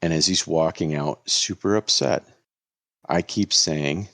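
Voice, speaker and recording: A man's voice: low voice, a little slow, gravelly, no echo, studio quality. A man, a lawyer, telling a story on a casual podcast and acting out the lines people said. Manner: animated, acts out quoted lines.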